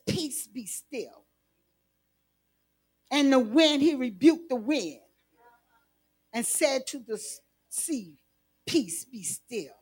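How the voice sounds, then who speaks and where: Woman preaching, real high voice, takes her time, gets shouty. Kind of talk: sermon.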